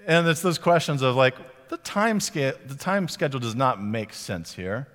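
A man's voice: mid-range voice, expressive, moderate pace, long pauses, a bit bright. A man preaching a sermon in a conversational, reflective way, with filler words. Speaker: pastor. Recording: long hall reverb.

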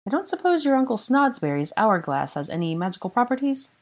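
A woman's voice: a little high, sing-song, fast, pitched above the performer's own voice. A woman voicing a clever, earnest young witch, raising her voice above her own for the part. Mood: probing.

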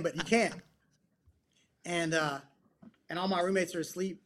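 An earnest male guest recounts a personal story in a casual interview. His voice sits a little above the usual male range, and he leans into the emphatic moments while staying relaxed and slangy in between. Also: fairly high pitch, brisk. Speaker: podcast guest, psychotherapist and men's coach.

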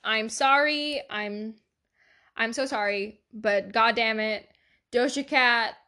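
A woman's voice: fairly high pitch, slow, sharp tone. A teenage girl hosting a casual solo podcast, chatty, swearing a lot and laughing often. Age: teens. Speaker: podcast host.

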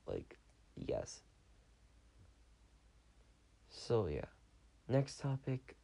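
A man's voice: mid-range voice, sing-song, extremely slow, vocal fry, warm tone. A tired young man hosting a podcast, talking in a chatty, rambling way and often correcting himself. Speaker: podcast host. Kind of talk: rambling casual monologue.

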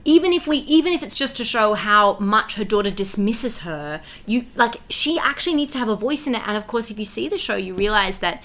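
A young woman, a musical theatre writer and performer, talking in an animated, heartfelt way in a casual interview, full of filler words. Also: mid-range voice, brisk, hardly any pauses.

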